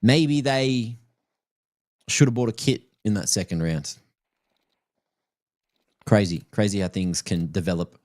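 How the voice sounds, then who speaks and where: A man's voice: on the low side, steady tone, measured pace, long pauses, darkish tone. A man casting a live esports match with play-by-play and playful, teasing asides. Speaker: esports caster.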